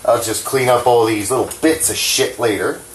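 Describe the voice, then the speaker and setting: A man's voice: medium pitch, moderate pace, slight background noise. A man from New Jersey chatting casually while he cooks at home, rambling and frank, swearing freely and joking at his own expense, his hands shaking a little. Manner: rambling, frank and profane, self-deprecating. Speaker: home cooking vlogger. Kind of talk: casual rambling cooking talk. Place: home kitchen. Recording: echoey kitchen with faint clatter.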